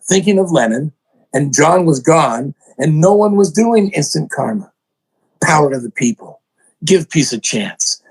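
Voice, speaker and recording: An older man, a songwriter and producer, telling animated stories in an interview, acting out other people's voices and poking fun at himself. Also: fairly high pitch, normal speed, creaky, breathy edge, rough recording. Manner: excitable, acts out voices in quotes, self-mocking.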